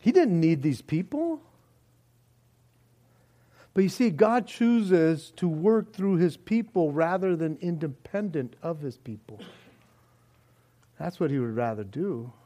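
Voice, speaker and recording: Guy preaching, high voice that jumps all over, jokey and animated. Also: slow, long pauses. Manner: animated, jokey, acts out quoted prayers and voices. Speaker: pastor. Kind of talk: sermon.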